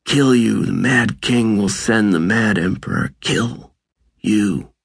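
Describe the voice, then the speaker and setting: A man's voice: lowish voice, slow, vocal fry, breathy edge, no echo, clean studio sound, exaggerated voice. A man voicing an ominous voice heard inside someone's head, repeating its threat. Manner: ominous, repetitive. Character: menacing voice inside a man's head.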